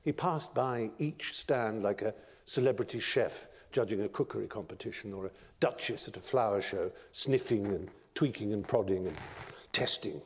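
A man giving a lecture, telling stories in an expressive, theatrical narrating style. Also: on the low side, normal speed. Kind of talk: dramatic storytelling lecture. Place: large lecture hall. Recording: long reverb of a large lecture hall.

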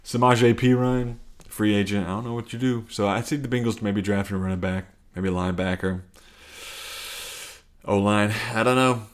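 A man's voice: lowish voice, fairly even intonation, normal speed, clear, resonant tone. Rambling, profane male podcast host. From Cincinnati. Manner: rambling, profane, self-interrupting. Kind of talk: casual solo podcast rant.

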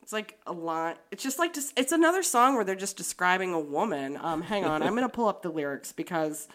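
A woman's voice: lowish voice, fairly quick. A woman guest on a podcast, chatting casually, laughing often and making fun of herself. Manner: laughs often, animated and self-deprecating. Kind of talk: casual interview chat.

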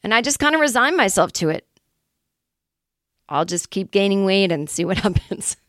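A woman's voice: medium pitch, sing-song, normal speed, fairly bright tone, dry recording, studio quality. A woman comedian telling a long personal story in a casual, rambling, self-deprecating way, with the odd swear word. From Los Angeles area, California. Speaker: comedian, podcast host.

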